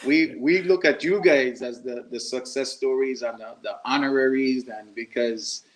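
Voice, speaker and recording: A man's voice: medium pitch, normal speed, poor audio. A man from Saint Croix hosting a podcast, talking in an easygoing way. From Saint Croix, U.S. Virgin Islands. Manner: easygoing, full of fillers and restarts. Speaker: podcast host. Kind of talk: casual chat.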